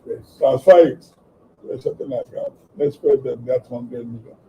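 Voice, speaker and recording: A man giving a halting spoken testimony, often quoting what others said. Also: mid-range voice, huge pitch swings. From southeastern Nigeria. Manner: halting, many fillers and restarts, quotes dialogue. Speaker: witness recounting a kidnapping. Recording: dull distant recording with faint background noise.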